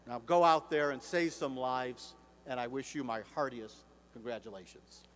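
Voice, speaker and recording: A man in his sixties giving a formal commencement address as an author and speaker, measured and slowing down for emphasis. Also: mid-range voice. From United States. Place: large hall. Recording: echoey hall, faint hum.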